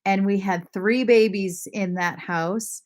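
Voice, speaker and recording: Chatty mom from maine doing a live stream, laughs a lot, keeps saying sorry, mid pitch. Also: female voice, steady tone, slow pace. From Maine, USA. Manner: chatty, apologetic, laughs often. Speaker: lifestyle channel host. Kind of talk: casual livestream chat reading viewer comments.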